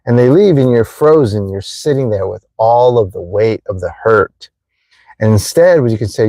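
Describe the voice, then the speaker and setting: A man's voice: fairly low pitch, lively intonation, normal speed, mellow, dry recording. A man hosting a livestream, talking earnestly and repetitively about forgiveness, addressing his viewers directly. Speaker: livestream host giving life advice. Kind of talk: earnest motivational livestream talk.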